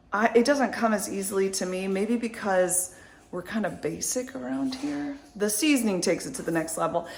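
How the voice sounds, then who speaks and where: A woman in her thirties chatting casually to her viewers in a vlog, upbeat and rambling, with lots of likes and ums. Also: medium pitch. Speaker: vlogger, mother.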